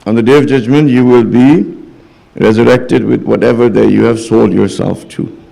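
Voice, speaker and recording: A man with a steady, mellow, creaky voice speaks at normal speed while delivering a majlis sermon in a mosque hall. As a religious speaker, he retells stories with quoted dialogue, and near the end he rises to impassioned, high-pitched pleading.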